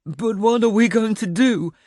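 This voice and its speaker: A frightened, weepy young boy, put on by a male audiobook narrator. His voice cracks high and hoarse as he pleads through tears. The sound is close and dry. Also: animated, fairly quick, a bit bright, dry recording. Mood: sobbing. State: crying, hoarse.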